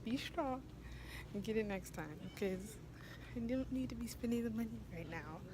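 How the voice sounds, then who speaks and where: A woman's voice: fairly high pitch, lively intonation, normal speed, background noise. Chatty young woman vlogging on a phone. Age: young adult. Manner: bubbly, chatty, lots of "like" and "y'all". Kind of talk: casual vlog chat. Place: in and around a car, out and about shopping.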